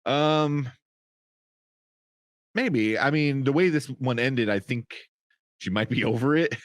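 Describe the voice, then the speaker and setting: A man co-hosting a podcast, recapping a TV episode in a rambling, casual way that turns animated when he gets excited. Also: medium pitch, slow pace, dry recording, studio quality. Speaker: podcast co-host.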